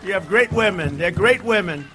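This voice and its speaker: A man giving a campaign rally speech outdoors, rambling and digressive, swinging between shouted lines and low asides. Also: expressive, moderate pace, faint music behind. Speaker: political candidate at a rally.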